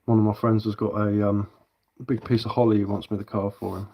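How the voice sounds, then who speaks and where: A man's voice: on the low side, level tone, fairly quick, highs cut off. A man with a southern English accent chatting casually on a live stream as he carves wood, rambling and answering viewer comments while he works.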